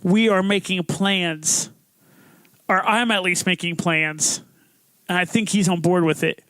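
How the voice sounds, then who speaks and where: A young man hosting a podcast, telling a story in a casual, profane, animated way, acting out quotes. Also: high-pitched, measured pace, no echo. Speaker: podcast host.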